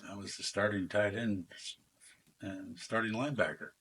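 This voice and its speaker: In a relaxed interview, an older former football player spins wandering anecdotes, voicing the quoted dialogue of the characters and leaning on plenty of fillers. He speaks at a moderate pace in a fairly low, fairly bright voice with a slight roughness.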